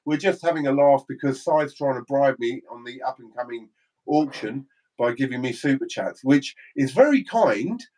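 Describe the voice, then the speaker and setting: A man's voice: mid-range voice, lively intonation, moderate pace, darkish tone, low-quality recording. An English man co-hosting a casual livestream, reading out viewer comments and laughing easily. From England. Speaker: livestream co-host.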